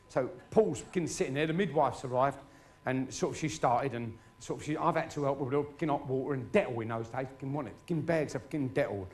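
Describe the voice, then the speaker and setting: A man's voice: fairly high pitch, fast. A middle-aged man telling crude stories in a stand-up routine, swearing freely. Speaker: stand-up comedian. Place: live show before an audience.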